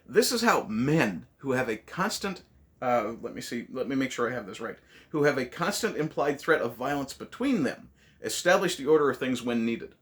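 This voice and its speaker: A man's voice: mid-range voice, big pitch swings, moderate pace. A man hosting a casual movie review, ranting sarcastically with lots of swearing.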